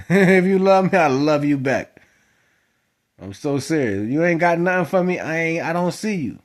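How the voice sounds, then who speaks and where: A man giving a spiritual monologue to his viewers, moving from quiet musing to loud, emphatic exhortation. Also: on the high side, animated, moderate pace. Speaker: spiritual vlogger. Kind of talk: preaching monologue to camera.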